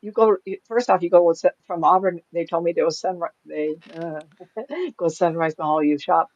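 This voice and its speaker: A woman's voice: on the low side, fairly even intonation, moderate pace, a little mellow, dry recording, dull audio. An older woman, a psychic medium, telling stories from her life in a chatty way, often laughing and acting out the voices of people she quotes, recorded at home. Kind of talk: casual storytelling.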